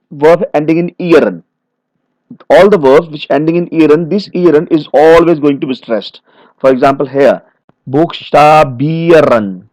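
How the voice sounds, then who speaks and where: A man with a fairly high voice gives a video lesson on German pronunciation. He explains step by step and draws out example words slowly so learners can hear the stress. The sound is dry and close, with no room echo. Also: a little mellow. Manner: slow, drawn-out modeling of example words; plain explanatory delivery with frequent fillers like "okay" and "all right". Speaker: German language teacher. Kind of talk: video lecture.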